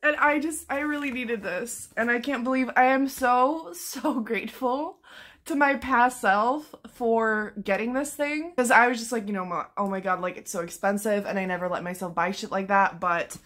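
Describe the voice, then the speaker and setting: Young female book vlogger, casual and excitable, swears freely, bright tense tone. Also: a little high, normal speed. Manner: excitable, gushing, swears a lot. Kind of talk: casual vlog chat.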